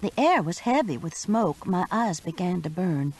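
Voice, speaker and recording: A woman's voice: on the low side, sing-song, normal speed, darkish tone, breathy edge, low-quality recording. A woman narrating a first-person mystery audiobook with urgent expression.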